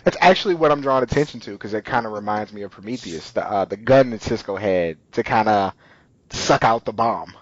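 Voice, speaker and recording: A man co-hosting a podcast, casually recapping a TV episode in a rambling way with many pauses and restarts. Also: fairly low pitch, expressive, no room sound, lo-fi sound. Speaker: podcast co-host.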